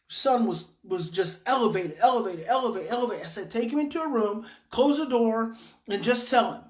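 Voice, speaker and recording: A woman giving an informal parenting talk as an educator, speaking emphatically and repeating her key phrases. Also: fairly high pitch. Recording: roomy echo.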